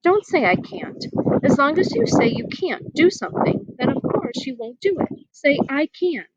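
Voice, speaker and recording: A woman's voice: high-pitched, sing-song, normal speed, muffled recording, very noisy, pitched above the performer's own voice. A woman playing a kind encouraging schoolgirl. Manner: gentle, encouraging.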